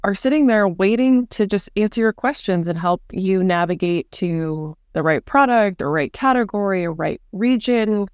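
A woman with a smooth, clear voice, talking through services in an upbeat, explanatory way as a podcast guest. The sound is dry and close, with no room around it. She sounds at ease in a business interview. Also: mid-range voice, no echo. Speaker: senior director, podcast guest.

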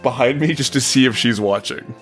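A man playing a tabletop game, excitable and goofy, breaking into laughs and loud exclamations. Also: mid-range voice, fairly quick, soft background music. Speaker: player.

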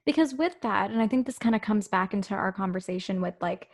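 A woman's voice: medium pitch, expressive, fast talker. Young woman, candid and reflective. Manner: reflective, candid, frequent "like" fillers. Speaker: podcast co-host. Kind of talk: casual podcast chat.

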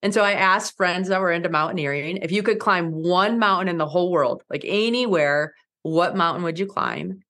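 A woman in her forties telling her story as an interview guest, lively and laughing often, acting out quoted lines with big jumps in pitch. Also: normal speed, few pauses. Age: 40s. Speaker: guest, mountaineer and speaker.

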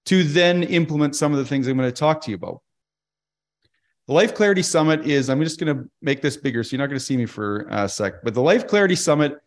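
A man who works as a financial advisor, giving a casual webinar talk with many fillers and restarts, telling stories between his points. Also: a little high.

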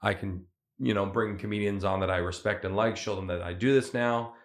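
Rambling low-voiced comedian man. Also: steady tone, a little fast. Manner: rambling, filler-heavy, many restarts. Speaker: stand-up comedian, guest. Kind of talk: casual podcast chat.

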